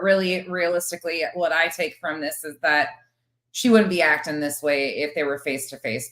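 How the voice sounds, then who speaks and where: A combative woman on a livestream, cutting in and cursing as she argues. Her voice sits low but comes out bright and forceful. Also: rough recording. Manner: combative, interrupting, swears freely. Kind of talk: heated livestream argument.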